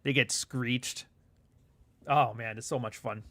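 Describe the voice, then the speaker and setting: A man's voice: medium pitch, fairly even intonation, slow, sharp tone, no room sound. A man from Canada chatting casually on a livestream, rambling and profane, reading out chat comments as he goes. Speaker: livestream host.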